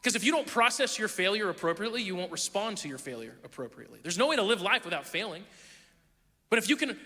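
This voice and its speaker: A young man preaching a sermon, telling a funny story about himself in an animated, self-deprecating way. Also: high-pitched. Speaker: pastor. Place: church auditorium. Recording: long hall reverb.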